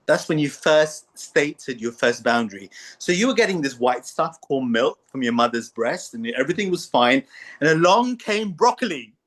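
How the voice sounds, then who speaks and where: A slightly higher-voiced man hosts a relaxed philosophical conversation. He talks in a playful, storytelling way and slips into little character voices. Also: normal speed. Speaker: podcast host. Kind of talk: casual philosophical chat.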